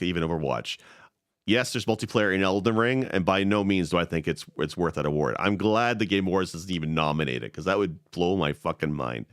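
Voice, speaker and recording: A man co-hosting a podcast, speaking bluntly in relaxed casual chat with frequent swearing. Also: low voice, no echo, studio quality. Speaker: podcast co-host.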